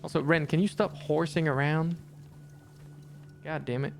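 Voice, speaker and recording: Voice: mid-range voice, steady tone, measured pace, vocal fry, slight background noise. A streamer chatting and muttering casually while playing a video game. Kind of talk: casual gameplay commentary.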